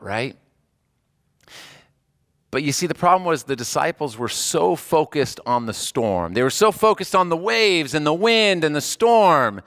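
A man preaching a conversational sermon, moving between animated bursts and quiet, hushed passages. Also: mid-range voice, dry recording, clean studio sound. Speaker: pastor.

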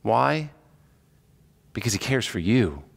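A man preaching a sermon in a conversational, expressive way, acting out quotes as he goes. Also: on the low side, slow pace, creaky, breathy edge. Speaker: pastor. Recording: echoey hall reverb.

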